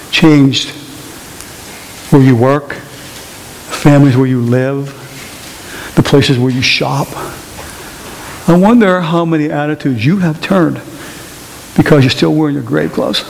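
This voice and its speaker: A man preaching a sermon in a church, telling stories and mimicking other voices in an animated way. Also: fairly high pitch, unhurried, gravelly, long pauses. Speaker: pastor. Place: church sanctuary. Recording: reverberant hall with faint hiss.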